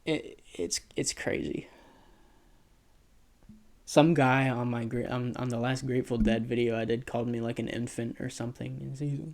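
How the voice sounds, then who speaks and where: A man's voice: mid-range voice, flat delivery, moderate pace, vocal fry, darkish tone. Rambling young man chatting casually. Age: young adult. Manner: rambling, self-deprecating, many fillers and restarts. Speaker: vlogger. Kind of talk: casual chat.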